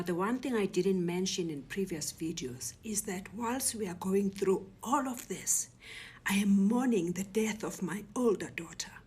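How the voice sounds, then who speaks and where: A woman giving a personal testimony, telling her story in a hushed, breathy half-whisper and quoting what others said. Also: medium pitch. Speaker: speaker recounting a personal ordeal.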